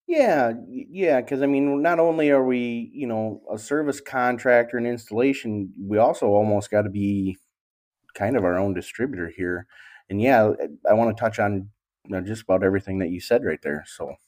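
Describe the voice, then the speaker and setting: A man's voice: on the low side, normal speed, darkish tone. A man with a Wisconsin accent, an HVAC business owner, speaking as a guest in an easygoing way. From Wisconsin, United States. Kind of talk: casual interview.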